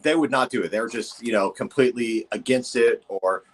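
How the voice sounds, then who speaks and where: A man's voice: mid-range voice, moderate pace. A man hosting a casual podcast chat, asking earnest and mock-incredulous questions. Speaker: podcast host.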